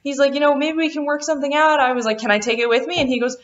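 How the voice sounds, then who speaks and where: Animated young woman telling a story. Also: sits high. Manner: animated, quotes people in quick voices. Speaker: vlogger. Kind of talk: casual storytime. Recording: dull lo-fi sound.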